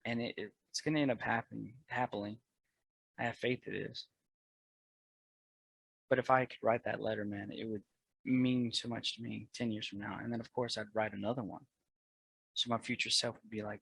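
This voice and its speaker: A man talking earnestly as a podcast guest about his marriage and his faith, getting loud and fervent at times. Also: mid-range voice, steady tone, moderate pace, creaky, husky, no echo, rough recording. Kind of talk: candid personal conversation.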